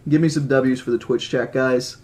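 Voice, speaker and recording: A man's voice: medium pitch, moderate pace. Man reading a novel aloud. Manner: plain steady reading with casual asides. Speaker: audiobook reader and streamer.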